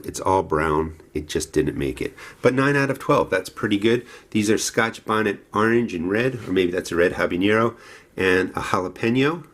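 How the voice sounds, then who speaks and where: A middle-aged man with a New Jersey accent, hosting a casual, rambling gardening vlog indoors and then outside in the cold, laughing at himself now and then. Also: low-pitched. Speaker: gardening channel host.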